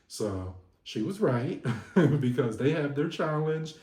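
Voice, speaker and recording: A man giving an animated, gossipy casual recap of a reality TV episode, laughing often. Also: fairly high pitch, slow, reverberant.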